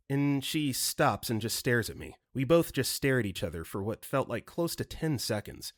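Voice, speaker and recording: A man reading internet stories aloud with amused, animated commentary. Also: mid-range voice, no room sound, clean studio sound. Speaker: story reader.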